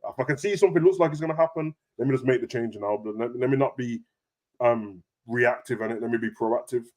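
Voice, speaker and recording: A young man, hosting a casual football chat with animated, slangy banter. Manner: animated, slangy, rapid banter with big pitch jumps. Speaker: football podcast host.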